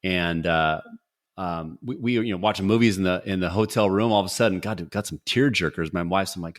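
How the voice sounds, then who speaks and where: A middle-aged man hosting a podcast in a casual, upbeat and jokey way, firing off quick quiz questions. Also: low voice. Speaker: podcast host. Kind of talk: casual interview talk.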